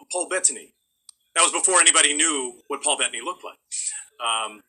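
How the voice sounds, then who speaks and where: A man's voice: fairly high pitch, poor audio. A middle-aged man from California, a voice actor, telling stories in a casual interview and slipping into impressions. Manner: animated storyteller, slips into impressions. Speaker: voice actor guest.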